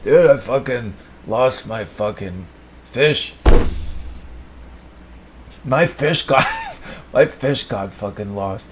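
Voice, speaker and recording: A man with a mid-pitched voice riffing through an absurd, profane improvised comedy monologue. He rambles loosely, drops to low mutters, then bursts into loud outcries. A faint hiss sits under the recording. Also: slow, pauses often. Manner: rambling, profane, swings between mumbling and shouting.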